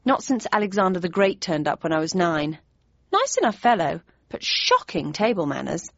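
A woman narrates a book in first person with a dry, wry tone and a medium pitch. The room is dead with no echo, and the sound is a bit dull. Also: very animated, normal speed, creaky, fairly bright tone. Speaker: audiobook narrator. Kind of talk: scripted narration.

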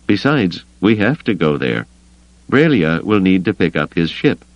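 A man voicing a seasoned, confident male senator in an audiobook, measured and assured. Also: low voice, big pitch swings, dry recording, dull audio, voice pushed up.

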